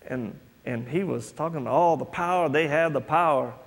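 A man's voice: a little high, a little fast. A man preaching a sermon, telling a personal story and acting out the voices of others. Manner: storytelling, acts out quoted voices. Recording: echoey hall, long reverb.

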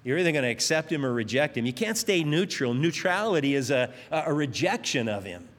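A man's voice: on the high side, big pitch swings, a little fast. Man preaching in a reverberant hall. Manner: emphatic preaching with rising, stretched climaxes. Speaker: pastor. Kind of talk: sermon.

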